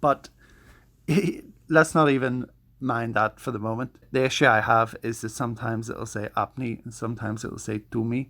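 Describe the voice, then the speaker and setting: A language learner shows off his study tools in a casual vlog walkthrough, chatty and self-deprecating, often starting his sentences over. His voice is mid-range and a bit bright.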